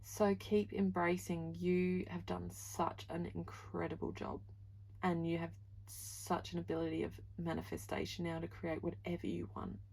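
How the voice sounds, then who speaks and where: A woman's voice: lowish voice, level tone, normal speed, gravelly, darkish tone, breathy edge, low-quality recording. A woman giving a pick-a-card tarot reading, gushing and heartfelt, full of "like" and "you know", moved close to tears. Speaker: tarot reader.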